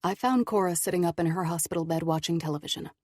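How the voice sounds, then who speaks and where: A woman narrating an audiobook in a calm, measured first-person telling. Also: on the low side, no echo, studio quality.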